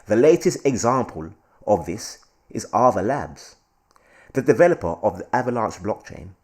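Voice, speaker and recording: A man putting on a posh, plummy voice to read out a news piece in a prim, measured way. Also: lowish voice, very animated, darkish tone. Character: posh upper-class Englishman reading crypto news.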